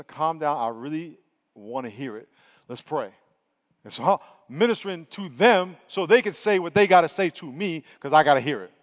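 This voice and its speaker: A man's voice: fairly high pitch, big-room sound. A man preaching a sermon in a conversational, emphatic way, acting out quotes as he goes. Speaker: pastor.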